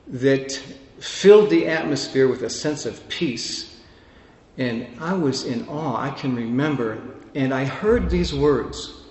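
A man preaching a personal testimony as a sermon, emotional, dropping to a hush and then swelling to fervent peaks. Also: mid-range voice. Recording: echoey hall with long reverb.

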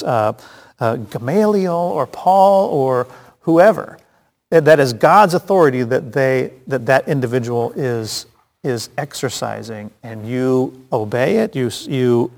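A man's voice: medium pitch, creaky. A man teaching a casual Bible study, chatty and joking, with frequent restarts and asides. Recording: long hall reverb.

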